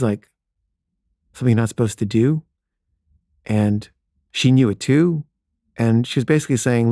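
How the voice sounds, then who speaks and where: A man's voice: medium pitch, warm tone, no room sound, clean studio sound. A middle-aged man telling a candid personal story in a matter-of-fact way, with wry asides.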